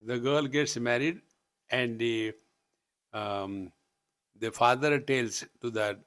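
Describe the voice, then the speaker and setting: Teaching at a retreat hall, a man with an Indian English accent gives a live spiritual talk in which he teases playfully and chants. He has a fairly bright voice in the mid range.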